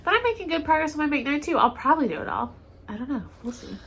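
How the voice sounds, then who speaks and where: Bright-voiced chatty woman podcaster. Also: high voice, big pitch swings, rapid-fire, slight background noise. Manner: chatty, rambling, filler-heavy. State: stuffy nose. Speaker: podcast co-host. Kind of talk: casual knitting podcast chat.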